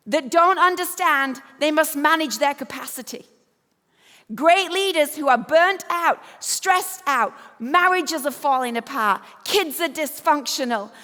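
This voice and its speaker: English woman, 50s, keynote speaker, crisp bright voice, humorous storyteller, reverberant venue. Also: high-pitched. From Yorkshire, England. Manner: storytelling, self-deprecating humor. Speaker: conference speaker. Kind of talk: motivational keynote talk. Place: event stage. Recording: echoey hall.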